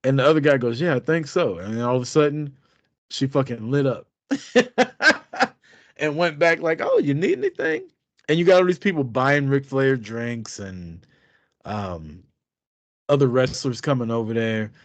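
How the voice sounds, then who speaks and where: A man's voice: medium pitch, normal speed, no room sound. A man co-hosting a podcast, telling a rambling, profane story in casual chat. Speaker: podcast co-host.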